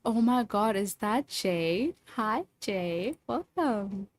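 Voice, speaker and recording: A woman's voice: medium pitch, animated, takes it slowly, a little hiss or hum. A woman chatting casually with her livestream viewers in a playful, teasing way. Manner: playful, teasing, lots of laughs.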